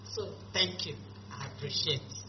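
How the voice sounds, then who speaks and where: A young woman telling her story in an excited, animated way. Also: low-pitched, moderate pace. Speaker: beneficiary giving testimony. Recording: echoey room, dull lo-fi audio, faint hum.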